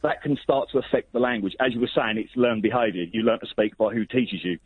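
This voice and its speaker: A man calls in to a radio show. He talks fast and easily, husky and matey, and calls the host "mate". His voice comes through a thin, tinny phone line. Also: medium pitch, no echo. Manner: casual, matey and chatty. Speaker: caller. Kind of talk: phone-in call. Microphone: telephone.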